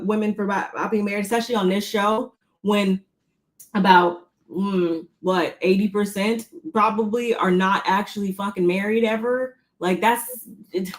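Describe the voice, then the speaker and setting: A woman co-hosting a casual gossip show, throwing shade with dismissive rhetorical questions. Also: mid-range voice. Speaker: co-host.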